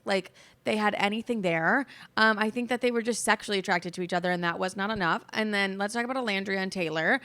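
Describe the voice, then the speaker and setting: A woman's voice: medium pitch, sharp tone. A young woman hosting her podcast, rambling through a casual rant full of fillers and swearing, talking around a sore jaw. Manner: chatty, rambling, filler-heavy, swears freely. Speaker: podcast host. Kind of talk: casual ranting monologue.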